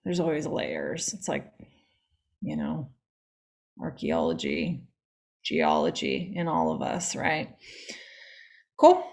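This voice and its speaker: A woman's voice: low voice, sing-song, takes it slowly, vocal fry, long pauses, a little mellow. A woman co-hosting a spiritual livestream, talking loosely and chattily with lots of fillers. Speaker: co-host and spiritual coach. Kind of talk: casual livestream chat.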